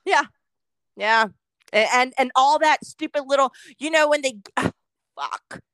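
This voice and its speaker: A woman co-host with a bright, slightly high voice, talking in loose, profane chat. She rants easily and breaks into laughter. The recording is dry and close. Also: a little slow, no room sound. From Oregon, US. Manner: profane, rant-prone, laughs often. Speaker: podcast co-host. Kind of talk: casual chat.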